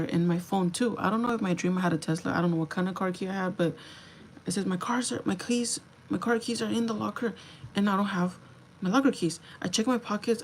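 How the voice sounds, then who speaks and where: Woman, livestreamer, casual storytelling, chatty, gravelly fry, faint background hiss. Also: on the low side, rough recording. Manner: chatty, animated, lots of "like".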